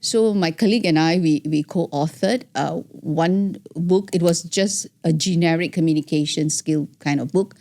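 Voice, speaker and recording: A woman's voice: deep voice, normal speed, hardly any pauses, mellow. A middle-aged woman, a guest on an interview show, chatting casually and animatedly, acting out examples and laughing often. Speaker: guest, founder of a speaking academy.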